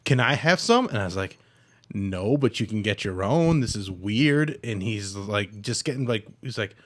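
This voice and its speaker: A young man hosting a casual comedy podcast, telling a story with lively voiced-out dialogue. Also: on the low side, normal speed. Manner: animated storyteller acting out both sides of a dialogue. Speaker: podcast host.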